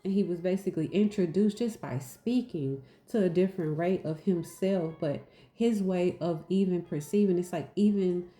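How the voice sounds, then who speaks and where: Woman, deep and warm, casual spiritual teacher, emphatic and repetitive, a bit goofy, roomy echo. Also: moderate pace, hardly any pauses. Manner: repetitive, emphatic, asks "right?"; goofy and laughing at herself.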